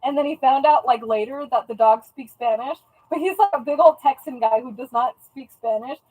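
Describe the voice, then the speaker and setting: A young woman with a high, light voice chats casually on a live stream as she packs orders at home. She is playful and talkative and keeps up an easy running commentary. She speaks like someone from the US West Coast. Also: fairly quick, a little mellow, breathy edge, poor audio. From US Pacific time zone. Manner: chatty and playful, tries out joking Spanish phrases. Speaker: live-stream host and online shop seller.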